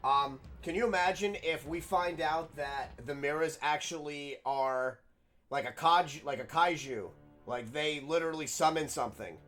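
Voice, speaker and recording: A young man giving casual, excitable, rambling game commentary, swearing now and then. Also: on the high side, moderate pace, faint music behind. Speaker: game streamer. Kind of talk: casual let's-play commentary.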